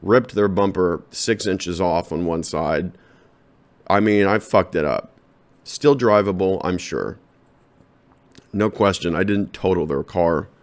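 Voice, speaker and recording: Very low-voiced man rambling comedic monologue. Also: slow, long pauses. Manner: rambling, deadpan, talks straight to listeners. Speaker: podcast host, comedian.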